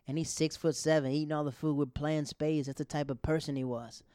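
A man in his thirties telling a casual personal story about a friend's late father, halting and restarting often, in a grieving state. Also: a little high, flat delivery, dark tone, clean tone, no room sound, clean studio sound. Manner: rambling, halting, with many restarts.

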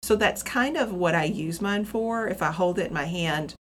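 A woman's voice: lowish voice, normal speed, slight background noise. A woman co-hosting a podcast for nursing students, giving reassuring advice in a casual, explanatory way. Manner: reassuring, explanatory, restarts mid-sentence.

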